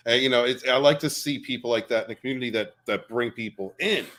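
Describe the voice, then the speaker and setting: A man hosting a casual livestream interview, his voice at an ordinary pitch for a man. He talks in a jokey, excitable way and reads out names from the chat. His delivery is loose and conversational. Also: quick pace. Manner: greets chat members by name, jokey and excitable. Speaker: interview show host.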